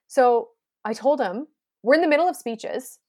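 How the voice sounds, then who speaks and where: A woman in her thirties, a wedding planner chatting casually with a co-host. She tells a story in an animated way and acts out the quotes. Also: sits high, unhurried.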